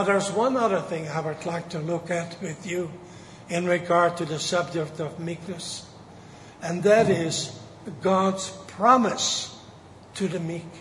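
A man preaching a sermon, slow and emphatic, drawing out the key words. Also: high-pitched, a bit bright, slight background noise. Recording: echoey hall with faint ambience.

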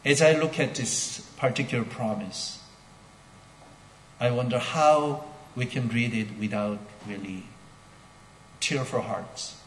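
Man, pastor, sermon, slow measured delivery, emphatic repetitions, roomy hall with long reverb. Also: mid-range voice, a little hiss or hum. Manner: builds to emphatic, rising declarations.

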